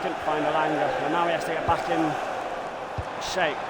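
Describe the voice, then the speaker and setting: A man with a high voice narrates his football video game in the manner of a TV commentator, breaking into shouts when goals go in. His stream carries a steady hiss of background noise. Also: normal speed, a loud crowd. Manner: bursts into shouted excitement at goals. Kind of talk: live gameplay commentary in broadcaster style.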